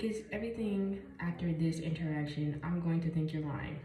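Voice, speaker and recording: A young woman from Chicago telling a story time while doing her makeup, animated, dropping to whispers and jumping up in bursts. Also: low voice, normal speed, hardly any pauses. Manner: animated, jumps between whispers and bursts of exclaiming. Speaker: vlogger. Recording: echoey room, faint noise.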